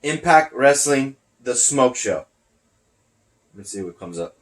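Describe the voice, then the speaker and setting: This host speaks slowly and expressively in a mid-range voice while casually recapping wrestling on his podcast. The face mask he wears leaves him a bit short of breath, and he rambles and forgets where he was going.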